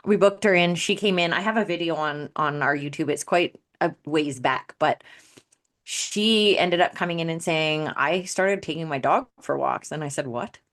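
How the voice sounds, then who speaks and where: A woman who works as an addictions coach, telling a client story in casual podcast talk and acting out the dialogue with lively energy. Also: low-pitched, normal speed. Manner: animated, acts out quoted dialogue.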